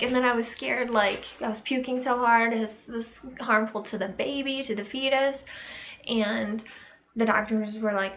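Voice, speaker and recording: A young woman telling a personal story to camera in a casual vlog, halting and reflective, with many fillers and pauses. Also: a little high, steady tone, a bit bright, poor audio. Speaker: vlogger.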